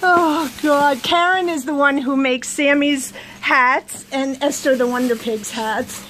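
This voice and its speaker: Giggly high-voiced woman unboxing gifts. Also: measured pace, a bit bright. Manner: giggly, gushing, bursts into laughing fits. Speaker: vlogger opening a gift box. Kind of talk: casual unboxing vlog. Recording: noisy home recording.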